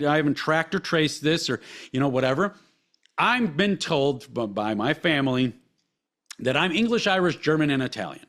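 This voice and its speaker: A man's voice: on the high side, a bit bright. A man hosting a podcast, ranting solo with heated, profane emphasis and repeated phrases. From United States. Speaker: podcast host. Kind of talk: impassioned solo podcast rant.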